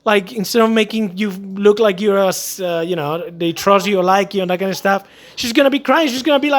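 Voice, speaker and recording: A man with a notably high speaking voice gives casual, emphatic advice about selling and customer service. He talks in an animated way, often slipping into little acted-out scenes to make his point. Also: brisk, hardly any pauses. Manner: animated, acts out quotes, emphatic. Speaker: vlogger giving sales advice.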